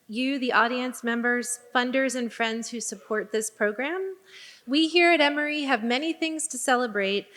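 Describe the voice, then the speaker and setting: A woman's voice: on the high side, bright, forceful tone. A woman directing a library, giving a formal, gracious welcome speech and thanks at a poetry reading in a large performing arts hall. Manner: gracious, listing thanks and names. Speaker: library director introducing the event. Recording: long hall reverb.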